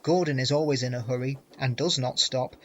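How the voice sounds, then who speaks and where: A man reading a children's railway story aloud in a clear, gentle storytelling manner. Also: medium pitch, steady tone, a little fast, muffled recording. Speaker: reader.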